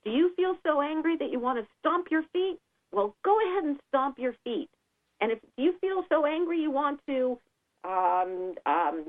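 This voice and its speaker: Calm woman on a tinny phone line. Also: normal speed. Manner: calm, explanatory, acts out children's lines in a higher voice. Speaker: guest expert on child behavior. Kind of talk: radio interview.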